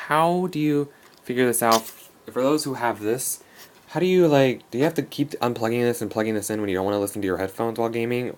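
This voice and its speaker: Young male gaming vlogger, rambling and self-correcting, casual room tour on a handheld camera. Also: mid-range voice. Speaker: gaming YouTuber. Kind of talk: casual setup tour vlog. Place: bedroom game room, indoors. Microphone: handheld camera, no tripod.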